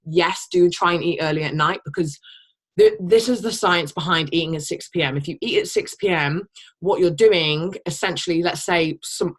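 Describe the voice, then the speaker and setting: A young woman leading a team call, talking bluntly, swearing casually and rambling as she pushes her team. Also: sits low. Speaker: team leader. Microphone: call microphone.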